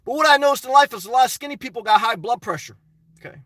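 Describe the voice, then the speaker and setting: A man's voice: very high voice, animated, racing, bright, forceful tone, dry recording, distant mic. A middle-aged man hosting a casual live stream, answering chat in a blunt, opinionated, rambling way.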